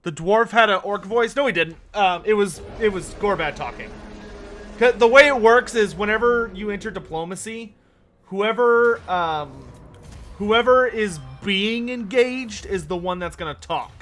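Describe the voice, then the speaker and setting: A man's voice: high voice, measured pace, fairly bright tone, slight background noise. A man streaming a strategy game, chatting casually, thinking aloud and answering viewer questions. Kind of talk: casual gameplay livestream commentary.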